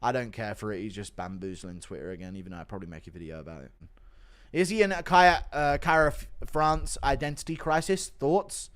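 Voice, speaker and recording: During a livestream, a man reads out viewer donations in a casual chat, his mid-range voice moving fairly quickly. He mostly mumbles in a downbeat way but breaks into loud ranting bursts, swearing freely throughout.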